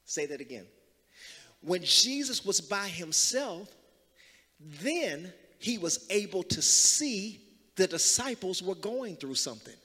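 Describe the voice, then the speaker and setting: A man pastor preaching a sermon, calling the congregation to repeat after him and building to loud, emphatic passages. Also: high-pitched, sing-song, slow pace, long reverb tail. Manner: call-and-response preaching, rising to loud emphasis. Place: church sanctuary.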